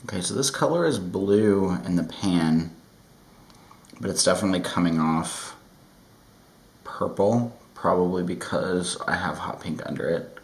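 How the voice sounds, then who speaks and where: A man giving a relaxed, rambling makeup tutorial at home, with self-deprecating asides. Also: low-pitched, measured pace, roomy sound, low-quality recording. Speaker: makeup vlogger. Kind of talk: casual chatty tutorial.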